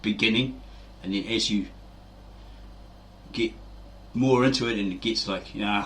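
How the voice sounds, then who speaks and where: A man's voice: fairly low pitch, measured pace, long pauses, fairly bright tone, a little hiss or hum. A man hosting a fitness channel, telling rambling anecdotes in a casual motivational monologue, often checking in with "right?". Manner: anecdotal, chatty, keeps tagging with "right?".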